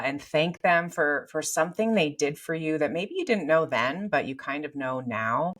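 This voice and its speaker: A woman's voice: low voice, fairly bright tone. Enthusiastic woman podcast host. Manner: enthusiastic, frequent affirmations. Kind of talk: casual interview talk.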